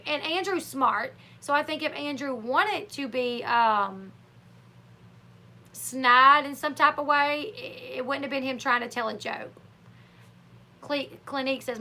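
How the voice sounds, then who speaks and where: A woman hosting a casual live chat, opinionated and chatty, acting out what others said. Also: high-pitched. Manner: chatty, opinionated, acts out quotes in animated voices. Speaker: livestream host.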